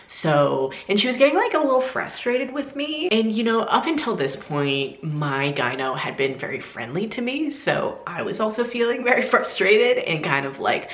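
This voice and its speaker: A young woman telling a personal story in a casual storytime vlog, animated and laughing often as she talks. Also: sits low, normal speed, few pauses. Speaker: vlogger. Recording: echoey room.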